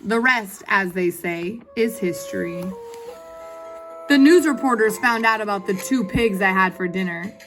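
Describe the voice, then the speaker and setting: A woman's voice: mid-range voice, a little slow, natural voice. A woman reading a storybook aloud as a sniffly, self-pitying male wolf who tells his own side, confiding and indignant, with music underneath. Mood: aggrieved. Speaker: guest reader.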